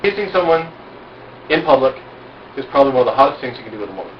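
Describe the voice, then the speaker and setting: A man's voice: mid-range voice, animated, rapid-fire, slight background noise. A man holding forth to a small group in a frank, self-assured, boastful way, full of rhetorical questions, at an outdoor cookout. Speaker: group speaker giving informal instruction. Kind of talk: casual instructional talk to a small group. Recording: roomy, distant, dull amateur recording.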